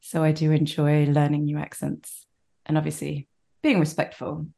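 A woman with a posh British accent chats as an interview guest, her voice sitting low. She laughs easily and keeps her delivery animated. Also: normal speed, creaky. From Britain. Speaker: guest voice actor. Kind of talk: casual interview chat.

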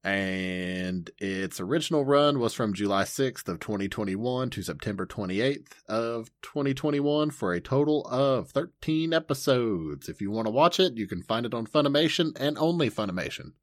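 A man's voice: mid-range voice, lively intonation, moderate pace, few pauses, no echo, studio quality. An enthusiastic man co-hosting a casual anime podcast, playful and laughing often. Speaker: podcast co-host.

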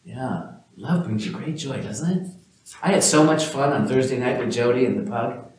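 A man teaching an informal spiritual talk in a gentle, musing way, speaking to listeners by name. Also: medium pitch, moderate pace, heavy reverb, a little hiss or hum, low-quality recording.

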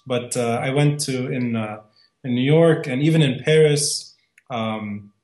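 A man from Lebanon with a Beiruti accent, a guest in a conversational interview, speaking in a measured way. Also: medium pitch, a little mellow, reverberant. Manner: measured, listing things one by one.

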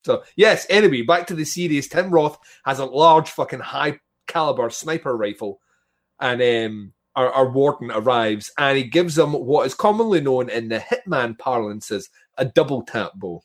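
A man co-hosting a podcast in casual chat, animated, laughing often and swearing casually. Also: medium pitch, normal speed. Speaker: podcast co-host.

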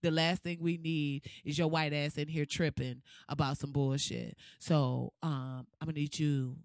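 A woman putting on a low, hushed voice that sweet-talks a frazzled customer into sitting down and breathing. The voice is gentle and coaxing and sits well below her usual register. It sounds dry and close, with no room sound. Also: flat delivery, measured pace, dry recording. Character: calm woman soothing an upset coffee-shop customer.

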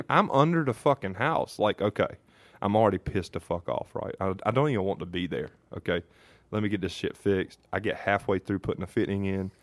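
A man's voice: sits low, a little fast, dry recording. A man co-hosting a casual podcast, telling a heated, profanity-heavy story. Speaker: podcast co-host.

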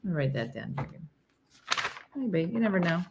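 A woman's voice: on the low side, very animated, normal speed, a little mellow. A woman hosting a casual morning live stream, chatty and rambling, laughing often and reading viewer comments aloud.

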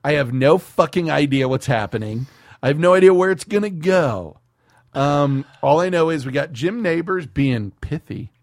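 A man's voice: fairly high pitch, expressive, normal speed, no echo, clean studio sound. A man co-hosting a podcast, chatting casually and profanely about a movie and dropping into comic put-on voices. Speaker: podcast co-host. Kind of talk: casual movie commentary chat.

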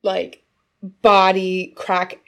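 A young woman chatting casually as a podcast co-host, relaxed and easygoing. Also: mid-range voice, extremely slow, gravelly. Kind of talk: casual chat.

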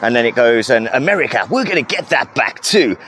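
A man's voice: medium pitch, sing-song, brisk, fairly bright tone, a little hiss or hum. A man with an English accent, chatting casually and slangily as a caller on a livestream. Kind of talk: casual chat.

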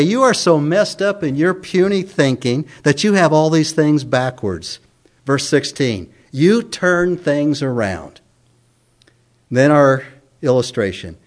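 A man with a somewhat high voice delivers an expository sermon. He reads scripture aloud with slow, deliberate stresses. He keeps repeating key words for emphasis. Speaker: pastor.

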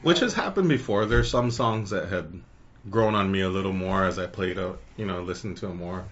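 A man's voice: low-pitched, a little fast, fairly bright tone, highs cut off, slight background noise. A man co-hosting a podcast in casual chat, laid-back and profane, laughing often. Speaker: podcast co-host.

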